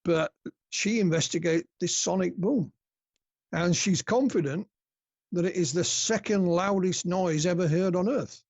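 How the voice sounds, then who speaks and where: A man's voice: high voice, measured pace, a little mellow, no room sound, dull audio. A man from the north of England with a northern English accent, a guest researcher telling anecdotes in a chatty way on a casual podcast interview. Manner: chatty storyteller, laughs at own anecdotes.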